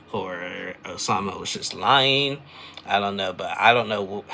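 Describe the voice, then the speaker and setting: Male recap host, very low and gravelly, loose chatty delivery, faint hiss behind. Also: pushed and bright. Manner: rambling, chatty, loose filler-heavy storytelling. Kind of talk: casual recap chat.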